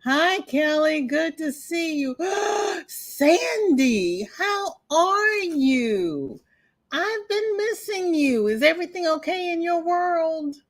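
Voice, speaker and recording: A woman's voice: very high-pitched, expressive, slow pace. A woman hosting a crochet livestream, chatting casually and greeting viewers by name, with folksy exclamations.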